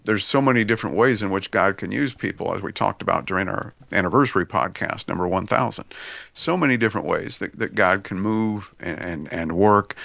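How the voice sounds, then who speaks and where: A man's voice: lowish voice, gravelly, fairly bright tone, no room sound. A man co-hosting a podcast, discussing faith in a reflective, searching way and repeating words as he thinks aloud. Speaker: podcast co-host. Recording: dull lo-fi dry sound.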